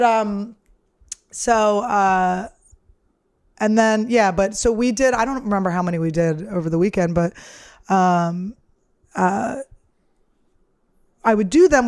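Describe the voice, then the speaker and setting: A woman's voice: mid-range voice, darkish tone. Rambling, foul-mouthed woman comedian host. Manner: rambling, candid, profane storytelling. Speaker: podcast host and stand-up comedian. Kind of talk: casual podcast chat.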